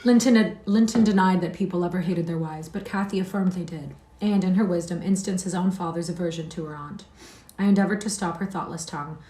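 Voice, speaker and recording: Woman reader, low mellow voice, livestream novel reading, echoey room. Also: a little fast. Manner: steady, occasional slips and restarts. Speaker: audiobook reader.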